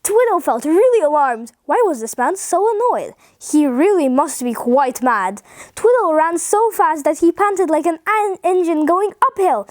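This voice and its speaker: A woman reading a funny children's story aloud, cheerful and expressive. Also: very high voice, measured pace, dry recording, studio quality. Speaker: storybook reader.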